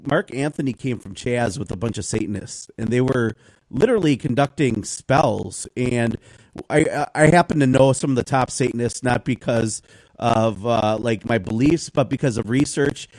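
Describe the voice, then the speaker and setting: A man chatting on a talk show, telling stories in a rambling, animated way. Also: mid-range voice, normal speed, dry recording, rough recording. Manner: rambling, animated storytelling with acted quotes. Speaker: guest. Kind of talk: casual talk show conversation.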